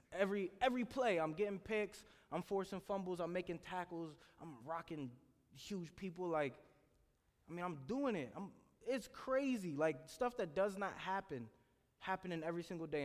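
Guy sharing his testimony, earnest and animated, big hall with long echo. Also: medium pitch. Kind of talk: personal testimony speech.

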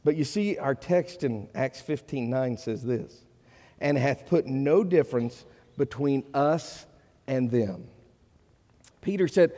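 Male pastor, middle-aged, earnest conversational sermon, mellow tone, reverberant sanctuary. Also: medium pitch, slow. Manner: earnest, conversational preaching with rising emphasis. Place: church sanctuary. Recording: long reverb of a church hall.

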